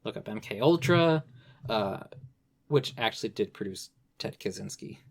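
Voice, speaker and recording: A man's voice: on the low side, expressive, normal speed, gravelly. Man, young adult, podcast guest, casual chat, rambling, frequent fillers. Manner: rambling, restarts often, many "you know" fillers.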